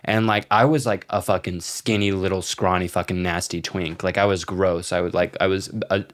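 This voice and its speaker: A young male podcast co-host with a fairly low voice tells a story in loose, casual chat. He swears a lot and fills his sentences with "like" and "um.". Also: flat delivery, moderate pace. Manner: profane, rambling storytelling with many fillers.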